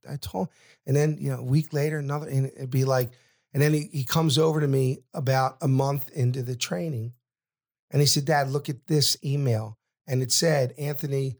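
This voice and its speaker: A middle-aged man, a podcast guest telling an emotional story and often stopping to repeat his words. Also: a little mellow. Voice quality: halting, repeats words, voice drops low at sad moments.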